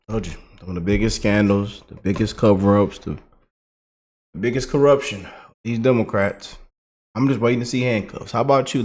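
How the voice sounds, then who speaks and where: Man, vlogger, casual rant, colloquial, repetitive phrasing. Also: mid-range voice. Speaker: political commentary vlogger. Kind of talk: casual ranting commentary.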